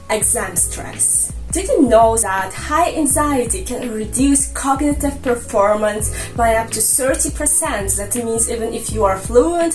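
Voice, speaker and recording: Woman, native russian speaker, casual exam coach, slow and chatty, slightly high voice. roomy sound, bit far from mic. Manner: chatty, jokey, addresses viewers as friends. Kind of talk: casual explainer narration. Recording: roomy, a bit distant from mic, light music.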